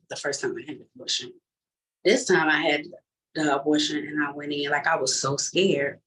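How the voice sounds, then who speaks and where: Her voice low yet a bit bright, a woman shares a candid, emotional church testimony peppered with casual fillers. Because she sits a good distance from the mic, the audio feels far away.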